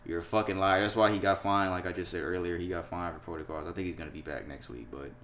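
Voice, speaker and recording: A man hosting a casual sports and pop-culture podcast, profane and laughing, swinging between loud and quiet. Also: sits low, steady tone, quick pace. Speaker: podcast host.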